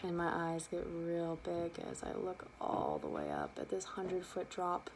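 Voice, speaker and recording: A young adult woman telling a personal childhood story, lively and animated, acting out the quotes. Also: fairly low pitch, measured pace, a little hiss or hum. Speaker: student storyteller.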